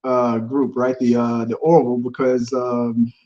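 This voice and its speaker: A man's voice: mid-range voice, level tone, unhurried, mellow. A man, hosting a casual podcast chat in a laid-back, rambling way and laughing often. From Houston, Texas. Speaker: podcast host. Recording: dull lo-fi audio.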